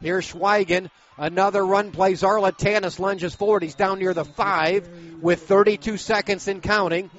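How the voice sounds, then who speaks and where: A man calling high school football play-by-play, brisk and steady, bursting into shouts on big plays. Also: muffled recording. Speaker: play-by-play announcer.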